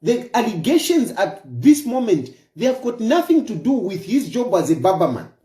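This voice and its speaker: Very animated and barely pausing, a political commentator with a Zambian accent speaks at a moderate pace in a warm, mellow tone, his pitch swinging widely. He keeps pressing his points with rhetorical questions in this opinion monologue, recorded with noticeable room echo.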